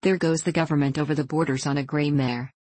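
A scornful, blustering huntsman , voiced by a woman reading a storybook aloud rails in a low voice. The sound is dry and close, with no room around it. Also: fairly even intonation, fast, darkish tone, no echo. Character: angry grumbling male huntsman.

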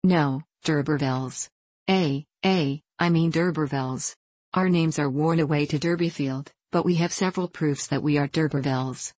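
A woman's voice: sits low, normal speed, darkish tone, no room sound. A woman reading the part of a shy young country girl who speaks hesitantly and stammers.

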